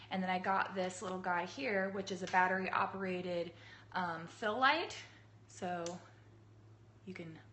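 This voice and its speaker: A woman in her thirties, hoarse from a cold, chatting casually to viewers while she sets up her cake workshop on a phone livestream. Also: a bit bright. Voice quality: husky, low. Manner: chatty, laughing, greets viewers by name. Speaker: cake artist hosting a livestream. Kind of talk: casual live-stream chat.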